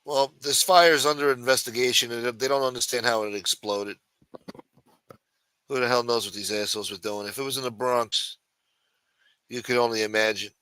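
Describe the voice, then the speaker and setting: Bright-voiced man ranting on a livestream. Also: medium pitch, steady tone, normal speed, pauses often, smooth, dry recording. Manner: rambling, profane, sarcastic. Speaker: host. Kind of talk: casual livestream commentary.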